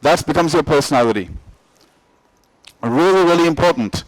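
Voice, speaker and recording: High-voiced emphatic male motivational speaker. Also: expressive, normal speed, no echo, poor audio. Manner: emphatic, repetitive, asks the audience questions. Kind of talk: motivational talk to an audience.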